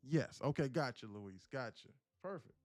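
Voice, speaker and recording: A man's voice: mid-range voice, expressive, normal speed, a little mellow, no echo. A man hosting a live trading stream, chatting casually and teasing viewers between market calls. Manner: joking, teasing chat with viewers. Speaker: livestream day trader host.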